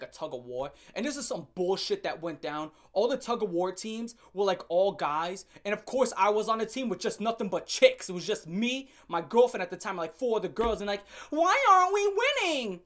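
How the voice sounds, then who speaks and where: A man's voice: high-pitched, lively intonation, brisk, few pauses. A young man vlogger telling a storytime rant in a brash, joking and crude way.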